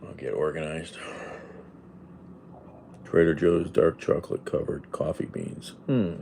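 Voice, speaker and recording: A man's voice: a bass voice, fairly even intonation, a little slow, creaky, dark tone, a little hiss or hum. A man livestreaming from home, rambling casually and talking back bluntly to viewer comments. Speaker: livestreamer reading chat. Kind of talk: casual live-stream chat.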